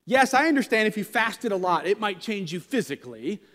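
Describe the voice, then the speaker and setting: A man's voice: sits high, big pitch swings, brisk, a bit bright. Man, pastor, sermon, conversational, self-deprecating, reverberant church.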